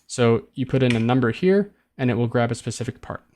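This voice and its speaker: A man's voice: medium pitch, brisk, slight background noise. Man casually explaining code on screen. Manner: relaxed and chatty, restarts phrases, thinks aloud with ums. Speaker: coding tutor. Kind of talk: casual screen-recorded coding tutorial.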